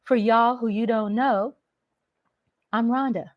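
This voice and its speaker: A middle-aged Texan woman talks folksy and chatty to her live-stream viewers from home. Her voice sits a little high, and she drawls her words out at a slow, easy pace. The sound is close and dry, with hardly any room around it. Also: steady tone, no room sound, muffled recording. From Texas. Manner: chatty, folksy, greets viewers by name, drawn-out speech. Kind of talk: casual live-stream chat.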